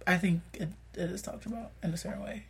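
Young woman guest from Haiti, congested and sick, reflective and relaxed. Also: on the low side, quick pace, creaky, breathy edge. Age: young adult. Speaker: therapist. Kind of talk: casual podcast chat.

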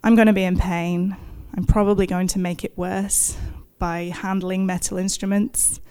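A woman's voice: mid-range voice, little pitch movement, normal speed, mellow, clean tone. A woman in her thirties telling a personal story in the present tense, vivid and self-deprecating, with bursts of laughter. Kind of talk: first-person storytelling to an audience.

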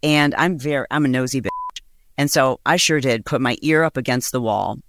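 A middle-aged woman hosting a podcast, chatting casually and acting out overheard quotes with big jumps in pitch. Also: fairly quick, no room sound, studio quality. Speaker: podcast host. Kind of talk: casual storytelling chat.

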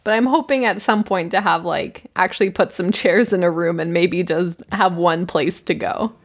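A woman's voice: on the low side, normal speed. A Canadian woman co-hosting a podcast, recapping a show with wry, playful remarks. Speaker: podcast co-host. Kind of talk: casual chat recap. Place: room at home.

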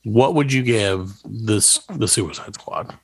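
An American man hosting a podcast, chatting casually and joking in an animated storytelling way. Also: on the low side, slow, creaky, breathy edge, no echo, studio quality. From United States. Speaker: podcast host.

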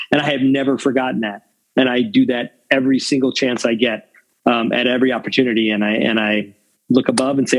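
Husky-voiced veteran man, reflective. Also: mid-range voice, steady tone, a little fast, low-quality recording. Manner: reflective, rambling with many fillers. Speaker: film crew veteran, interview guest. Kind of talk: candid interview answers.

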